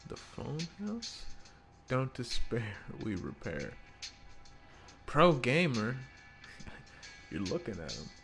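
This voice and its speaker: A man's voice: medium pitch, wildly swooping pitch, slow, long pauses, a bit bright. A man giving casual gameplay commentary, rambling and swearing with amusement at his own jokes. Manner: rambling, profane, self-amused. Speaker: gaming streamer. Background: game music.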